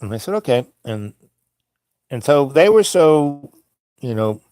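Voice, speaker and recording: A man's voice: medium pitch, big pitch swings, takes it slowly, a little mellow, dry recording. Rambling New man telling a story. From New York. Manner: meandering, many fillers and restarts. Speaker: host.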